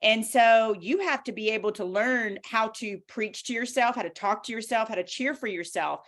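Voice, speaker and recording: A woman with a Southern US accent, an author talking through her own stories in a lively, motivational way as an interview guest. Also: fairly high pitch, normal speed. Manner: animated, storytelling, motivational. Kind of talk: casual interview talk.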